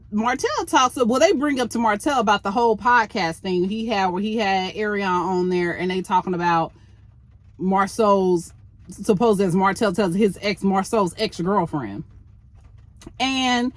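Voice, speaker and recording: A woman's voice: medium pitch, a little slow. A woman giving blunt, opinionated commentary on a reality show in a casual, exasperated way. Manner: blunt, exasperated, talks to the show's people directly.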